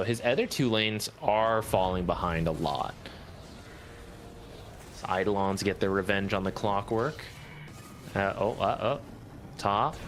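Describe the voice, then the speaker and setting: A man with a lowish voice calls an esports match live, talking through the plays in a relaxed way. He chuckles easily as he analyzes, and a music track runs clearly behind him. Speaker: esports commentator. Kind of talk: live game commentary.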